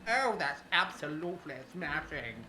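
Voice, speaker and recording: A man's voice: a little high, expressive, pushed and bright, voice pushed up. A man putting on a plummy posh Englishman. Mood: mock-genteel. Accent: posh Received Pronunciation. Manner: exaggerated, plummy, drawn-out. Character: posh upper-class Englishman, prim and genteel. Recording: roomy echo, background noise.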